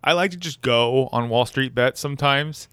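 A man's voice: mid-range voice, moderate pace, a bit bright, clean tone, no echo. Stammering sarcastic man on a podcast. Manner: stammering restarts, sarcastic, laughs often. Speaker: podcast co-host. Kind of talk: casual comedic chat.

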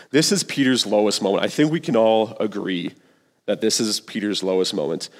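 A man's voice: fairly low pitch, fairly quick, in a large hall. A male pastor giving a sermon in an earnest, conversational way, full of casual slang.

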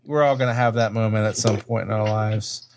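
A man's voice: on the low side, steady tone, a little fast, background noise. A man co-hosting a podcast in casual comedic chat, chuckling and restarting his sentences. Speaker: podcast co-host.

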